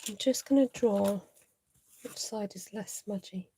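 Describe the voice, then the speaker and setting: A woman's voice: mid-range voice, unhurried, warm tone, a little hiss or hum. A woman hosting a live card-making tutorial, chatting to viewers and laughing often as she works.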